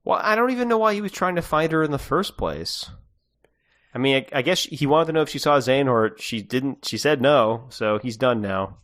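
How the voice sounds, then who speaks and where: A man cracks wry, sarcastic jokes about a game on a casual podcast. His voice sits at a middle pitch. It rises and falls freely as he talks. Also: animated, normal speed, a bit bright. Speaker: podcast co-host.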